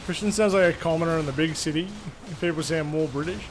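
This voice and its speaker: A man's voice: a little high, fast, few pauses, noisy background. An Australian man chatting casually on a live gaming stream, rambling, swearing freely and reading chat aloud.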